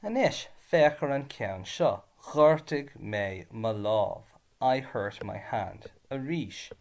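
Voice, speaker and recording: Slow, deliberate man teaching. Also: medium pitch, vocal fry. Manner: switches between Irish and English, stressing each ending. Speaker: Irish language teacher. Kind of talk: slow, clear grammar lesson.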